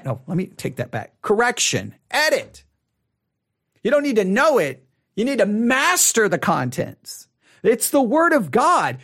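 A man teaching a Bible study method in a casual, animated way, repeating phrases for emphasis and adding playful asides. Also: sits high.

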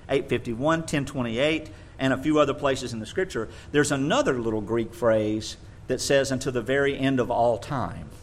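Male preacher, mid-pitched voice, teaching from scripture with emphatic repetition and sharp shifts from booming to hushed. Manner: emphatic, repeats words for stress, wide swings in loudness.

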